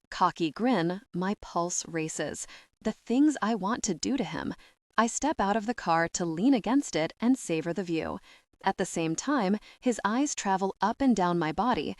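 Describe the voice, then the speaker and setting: A woman reads a first-person romance novel aloud in a steady, measured manner. Her voice sits on the lower side for a woman. The recording is close and dry, with no room sound. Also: no echo. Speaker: audiobook narrator.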